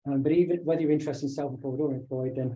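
Slightly hoarse man, dark tone. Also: medium pitch, steady tone, racing, rough recording. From United Kingdom. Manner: conversational, with many filler sounds and restarts. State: slightly hoarse from talking all day. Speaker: webinar presenter and business owner. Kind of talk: online presentation over slides.

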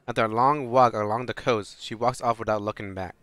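A let's play host works through a story game, reading its dialogue aloud in a flat voice and reacting loudly with free swearing as casual gameplay commentary. His voice is medium-pitched, fairly quick with few pauses, and has no echo.

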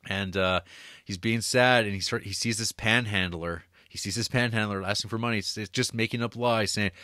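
A man co-hosting a film podcast, retelling the plot casually and acting out lines from the story with quick laughs. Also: lowish voice, fairly even intonation, sharp tone, no echo, studio quality. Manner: laughs while talking, many restarts. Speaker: podcast co-host. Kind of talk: casual film review chat.

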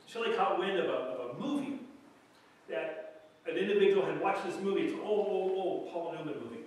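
A man's voice: sits high, a little fast, far from the mic, slight background noise. A man preaching a sermon as pastor, conversational and storytelling, sometimes acting out quoted voices. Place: church sanctuary. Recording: very echoey church hall from afar.

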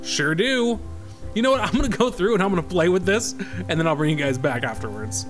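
A man talks through a golf video game in a bright, high voice. He leaps from squeaky yelps to grumbling lows and keeps up a sarcastic, excitable running commentary. Faint music plays underneath. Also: quick pace. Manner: excitable, sarcastic, jumps between high yelps and low mutters. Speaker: gaming YouTuber. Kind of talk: gameplay commentary.

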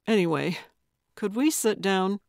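A woman's voice: mid-range voice, expressive, unhurried, vocal fry, darkish tone, no echo, studio quality. A woman voicing an earnest, somewhat hesitant male paramedic in an audiobook. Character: young man, earnest awkward paramedic. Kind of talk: audiobook character voice.

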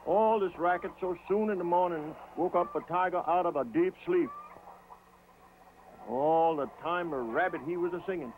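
A man tells a folk tale in a slow, rhythmic, folksy manner, his voice a little high for a man. The sound is thin and tinny, like an old television broadcast. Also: noisy background. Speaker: storyteller.

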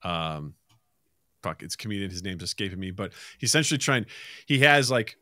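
Bright, low-voiced man telling stories. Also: fairly quick, no echo, studio quality. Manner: animated storyteller, swears freely. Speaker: podcast co-host. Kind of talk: casual chat.

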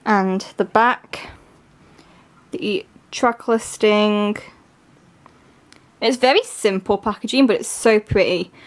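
A woman gushing excitedly through a casual unboxing, her voice strained and giving out. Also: mid-range voice. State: voice giving out, coughing. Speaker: K-pop album unboxer.

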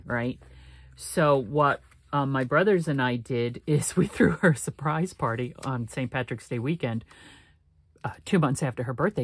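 A woman hosting a paper craft channel, chatting casually while she works, rambling through her talk with frequent laughs and restarts. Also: extremely low pitch.

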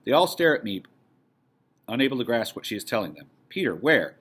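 A male teacher in a recorded video lesson, reading a play aloud to his class and briskly calling out stage directions. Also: medium pitch, sing-song, a bit bright.

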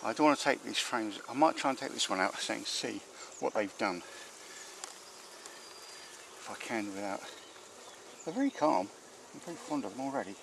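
A man, a beekeeper chatting casually as he works a hive outdoors and talks to his bees, breaking into excited exclamations. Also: mid-range voice, moderate pace, vocal fry, background noise. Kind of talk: casual narration while working a hive. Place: outdoors at a beehive. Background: buzzing bees.

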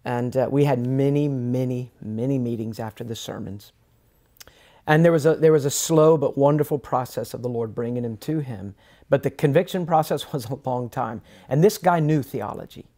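A man's voice: mid-range voice, normal speed, warm tone. A man co-hosting a podcast, talking earnestly in casual conversation and often acting out the voices of people he quotes.

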